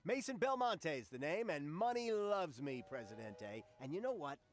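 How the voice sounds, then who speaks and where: A man's voice: fairly high pitch, very animated, normal speed, faint music behind. An actor playing a smug, greedy male capitalist tycoon in a video game. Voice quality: smug, boastful. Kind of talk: video game character dialogue.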